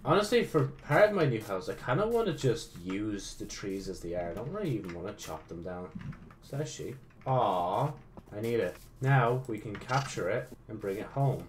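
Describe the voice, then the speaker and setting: Excitable man swearing through gameplay commentary. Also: fairly low pitch, a little hiss or hum. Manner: excitable, swears often, talks to himself. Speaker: gaming channel host.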